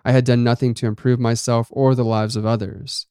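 A man reads a first-person story in a measured, dramatic way. His voice is smooth and resonant at a middle pitch. The recording is dry and close. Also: flat delivery, warm tone, no room sound. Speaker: narrator.

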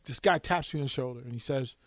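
A man's voice: medium pitch, quick pace, no echo. A man working as a radio sports reporter, animatedly telling a story on air and often restarting his sentences.

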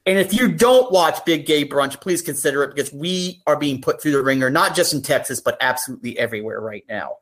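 A woman's voice: low-pitched, a little fast, hardly any pauses. Earnest woman guest on a podcast. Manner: earnest, heartfelt, talks through ideas at length. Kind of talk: casual podcast chat.

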